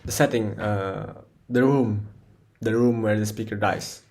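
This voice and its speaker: A man, a non-native English speaker, presenting a poem analysis for class, halting often with fillers and restarts. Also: on the low side, steady tone, darkish tone. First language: Indonesian. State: short of breath.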